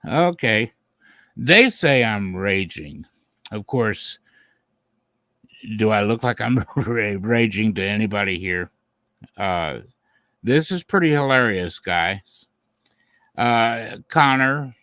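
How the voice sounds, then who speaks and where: A man's voice: on the low side, animated, slow pace, long pauses, fairly bright tone, dry recording, studio quality. A man hosting a live stream, talking to his viewers in a taunting, mocking way and chuckling at his opponents. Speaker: channel host.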